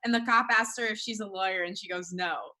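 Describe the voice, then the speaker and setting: A woman's voice: medium pitch, fairly even intonation, quick pace. A woman hosting a casual TV aftershow, eagerly leading the group through favorite moments. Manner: bright, eager, leads the discussion. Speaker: aftershow host. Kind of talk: casual TV recap chat.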